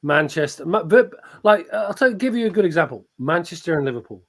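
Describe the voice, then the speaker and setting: A man's voice: on the high side, expressive, fast talker. A man from England with an English accent tinged with Australian, hosting a casual chat and rambling through frequent restarts. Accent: English, with some Australian.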